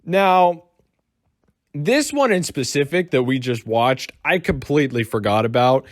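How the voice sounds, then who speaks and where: A man's voice: medium pitch, expressive, measured pace, no room sound, studio quality. A man from the United States giving casual, rambling reaction commentary and swearing freely. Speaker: commentary YouTuber.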